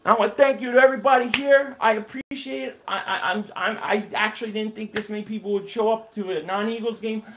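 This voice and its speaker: Host, man, higher voice, energetic play-by-play on a live stream, chats with his viewers. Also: quick pace, few pauses, slight background noise. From Philadelphia area. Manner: excited play-by-play calling, reading and answering chat. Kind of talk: live game reaction stream.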